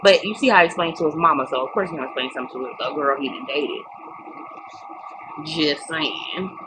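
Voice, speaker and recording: A woman's voice: deep voice, fairly quick. Blunt, profane woman recapping reality TV. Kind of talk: casual opinionated recap. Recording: noticeable background noise.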